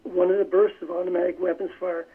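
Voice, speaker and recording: Older man with a gravelly, high voice over the phone. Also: level tone. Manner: measured storytelling with frequent restarts. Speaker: phone-in guest. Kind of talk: recounting a war memory in an interview. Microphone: telephone. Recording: tinny phone line on radio.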